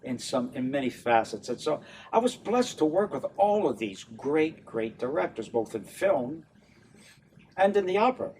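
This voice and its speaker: An older man from New Orleans, an opera tenor and director, chatting in an interview in an animated way and laughing often. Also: on the high side, moderate pace, recorded from a distance, slight background noise. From New Orleans, USA. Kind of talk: casual interview chat.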